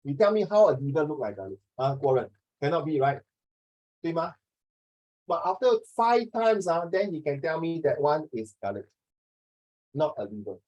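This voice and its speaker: A man's voice: on the high side, sing-song, normal speed, pauses often, darkish tone, dull audio. A man, tutoring a class in a chatty, teasing way and slipping into Mandarin now and then. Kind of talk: online class teaching.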